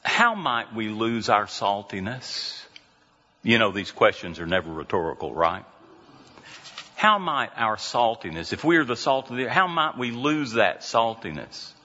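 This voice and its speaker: A man's voice: fairly low pitch, sing-song, sharp tone. A man preaching a sermon as a pastor, telling stories and putting questions to the congregation. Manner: storytelling, slow and conversational with audience questions. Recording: dull lo-fi sound in a reverberant hall.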